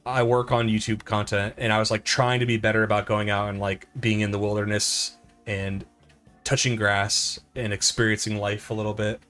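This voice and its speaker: A man's voice: fairly low pitch, little pitch movement, normal speed, fairly bright tone, soft background music. A middle-aged man streaming gameplay, chatting casually and telling a rambling, self-deprecating story full of "like" and restarts. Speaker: live streamer. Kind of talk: casual live-stream chat over gameplay.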